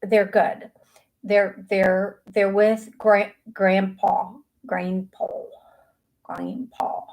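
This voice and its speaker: A middle-aged woman hosting a live psychic medium call-in show speaks in a chatty, casual way, laughing easily and often restarting or using fillers. Her mid-range, darkish voice shows little pitch movement, and she draws out her words. The recording is low quality.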